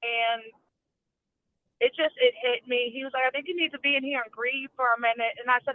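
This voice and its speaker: A young woman, telling a painful personal story in a halting way with many restarts. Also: on the high side, fairly even intonation, dry recording. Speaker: podcast guest. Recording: tinny phone-like line.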